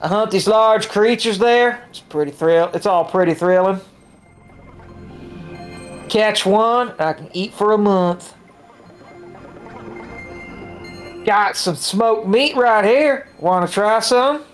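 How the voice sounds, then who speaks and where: Woman doing a lazy country man, slow Southern drawl, deadpan, faint music behind. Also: medium pitch, close to an everyday voice. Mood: easygoing. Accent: put-on Southern US drawl. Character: laid-back middle-aged country man living on Mars. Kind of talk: fan dub over a game stream.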